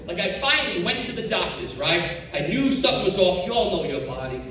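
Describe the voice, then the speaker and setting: Middle-aged male stand-up, high animated delivery, distant echoey live recording. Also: fairly quick, crowd noise. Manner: animated storyteller acting out dialogue. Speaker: stand-up comedian. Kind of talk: stand-up comedy set. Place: comedy show stage. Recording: echoey live room from far off, noisy. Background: audience laughter.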